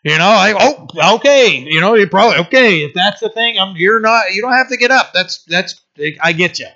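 A man's voice: high-pitched, lively intonation, moderate pace, pushed and bright, heavily acted. A man voicing a flustered older father who stammers awkwardly as he backs off. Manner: stammering, embarrassed. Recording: dull lo-fi recording.

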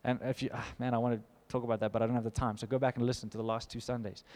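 A man preaching a sermon to his church, impassioned, swinging from loud to hushed. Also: mid-range voice, flat delivery, rapid-fire. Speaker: pastor. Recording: long hall reverb.

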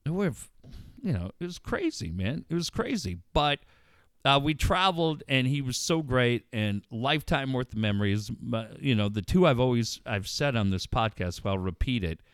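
A man's voice: medium pitch, normal speed, no echo, clean studio sound. A middle-aged man telling a story in casual, profane podcast talk, acting out the voices of the people in it. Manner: profane, animated storyteller who acts out voices.

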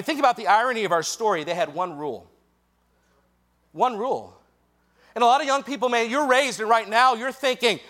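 A man preaching a sermon to a youth group, lively and jokey with quick asides, speaking straight to the young listeners. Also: very high-pitched. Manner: directly addresses young listeners.

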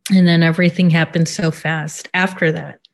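A woman in an interview who gives a personal account in a halting, subdued way, with many pauses and fillers. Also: low voice, level tone, creaky. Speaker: interview guest.

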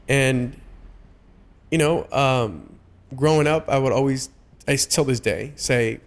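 A young adult man sharing personal stories in a casual, heartfelt conversation, often pausing and restarting his sentences. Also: mid-range voice. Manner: halting, many restarts and fillers.

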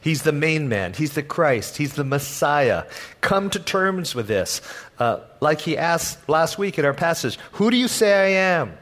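A man preaching a sermon as pastor, telling the story in a lively way and acting out the people in it with humor. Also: on the high side, measured pace. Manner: animated storytelling, acts out voices with humor.

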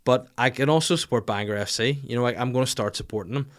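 A man's voice: mid-range voice, quick pace. Crude, rambling man. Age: 30s. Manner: crude, rambling comic banter. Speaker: podcast host. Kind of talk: casual chat.

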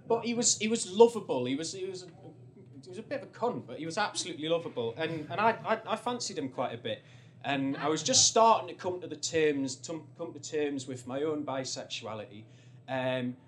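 On stage, a young North East English man rambles through a comic personal anecdote, poking fun at himself and restarting often. His voice is a little high.

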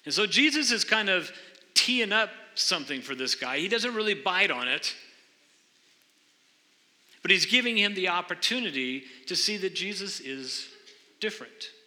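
A man's voice: high voice, very animated, moderate pace, long pauses, bright, forceful tone. A man preaching a sermon as pastor, earnestly explaining scripture and questioning his congregation in a church sanctuary. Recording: long hall reverb.

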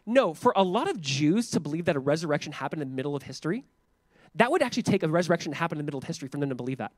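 A man pastor giving an animated, conversational sermon, acting out quotes in a playful way. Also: high voice, no room sound.

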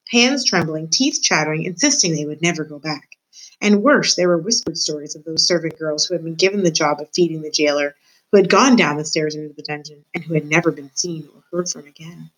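Teacher reading a chapter book aloud to her class, a woman with a lowish voice, expressive delivery. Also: rough recording. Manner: expressive, addresses the reader. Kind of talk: read-aloud storytelling.

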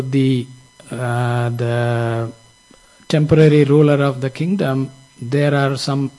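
A man's voice: mid-range voice, a little mellow, poor audio. A man teaching from a scripture story, explaining its lessons in a reflective, explanatory way. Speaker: spiritual teacher.

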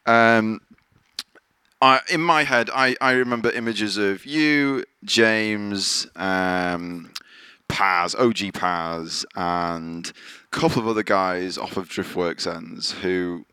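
A man with a fairly low voice hosts a podcast in casual conversation. He swears freely and slips into other people's voices when he quotes them. His mic sounds close and dry, with little room around it. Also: slow, sharp tone, smooth, dry recording. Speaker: podcast host. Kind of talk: casual storytelling chat. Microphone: podcast microphone.

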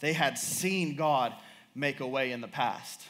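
A young man preaching a sermon in an animated, repetitive style, laughing as he tells stories about his daughter. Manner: animated, repetitive, quick to laugh and rise in pitch.

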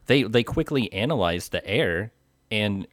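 Deep-voiced man, dry close sound. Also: lively intonation, fairly bright tone, no room sound. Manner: measured, hesitant with "uh" and "um" fillers. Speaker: podcast co-host. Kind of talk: casual movie discussion.

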